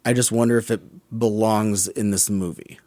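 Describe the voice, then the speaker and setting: Low-voiced man musing over a film. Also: fairly even intonation, moderate pace, warm tone, no echo. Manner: musing, self-correcting, critical. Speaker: podcast co-host. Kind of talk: casual film discussion.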